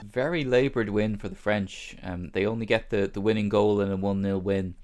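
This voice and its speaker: A man co-hosting a podcast in casual chat, relaxed and rambling with fillers. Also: fairly low pitch, moderate pace, soft background music. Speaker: podcast co-host.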